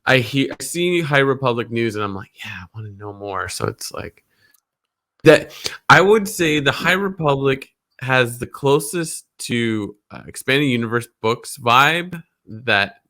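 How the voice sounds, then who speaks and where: A man's voice: mid-range voice, expressive, unhurried, sharp tone. A man co-hosting a podcast, talking casually and with enthusiasm, packing his speech with "like" and "um". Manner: enthusiastic, heavy use of "like" and "um". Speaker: podcast co-host. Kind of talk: casual chat.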